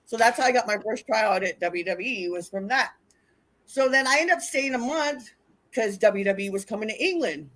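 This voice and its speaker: A woman telling wild road stories in casual chat, animated and profane, acting out what people said. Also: a little high, moderate pace. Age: older. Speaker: wrestling interview guest. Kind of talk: casual storytelling.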